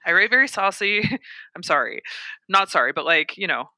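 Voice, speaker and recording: A woman in her thirties talks candidly, laughing often and poking fun at herself. Her voice is very bright. The recording is dry and close. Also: medium pitch, expressive, moderate pace, dry recording. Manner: candid, laughing, self-deprecating. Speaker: romance author; mother. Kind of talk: casual podcast chat.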